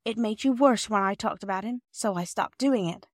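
A woman reader voicing an earnest, shy young girl in a storybook reading, lifting her voice higher and childlike. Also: moderate pace, dry recording, clean studio sound, natural voice. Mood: earnest, tender.

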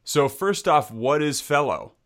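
A man's voice: a little high, expressive, a little slow, fairly bright tone. A man hosting a podcast interview, upbeat and conversational with some fillers. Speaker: podcast host.

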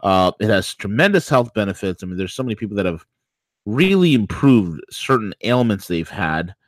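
A man's voice: fairly low pitch, very animated, moderate pace, dry recording. A man hosting a casual morning talk show, playful and hypey, rambling with restarts. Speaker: show host.

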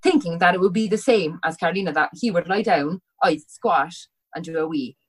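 A woman's voice: on the low side, fairly quick, husky, rough recording. A woman with a Cork Irish accent, a podcast guest animatedly telling a story in casual chat, swearing freely and acting out both sides of the dialogue.

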